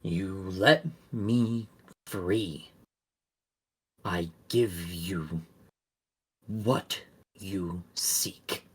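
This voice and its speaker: A man voicing a captive creature that speaks telepathically, drawing out every word very slowly. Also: low voice, husky, voice pushed down, exaggerated voice. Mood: bargaining. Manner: very slow, drawn-out words.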